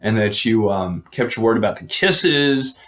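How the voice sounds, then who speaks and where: A man voicing a towering, jovial green knight who teases in a high, theatrical storyteller voice. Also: animated, a little slow, a bit bright. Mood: solemn.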